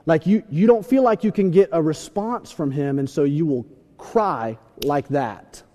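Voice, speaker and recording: A young man preaching a sermon, telling stories with animated shouts and asides. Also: on the high side, a little slow. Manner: animated storytelling, acts out scenes with shouts. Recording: long hall reverb.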